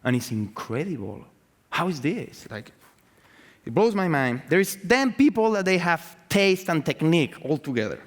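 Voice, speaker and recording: Profane, excitable man in a reverberant hall. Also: on the high side, normal speed. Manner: profane, excitable, full of fillers and restarts. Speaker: artist giving a talk. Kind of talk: live conference talk. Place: event hall with audience.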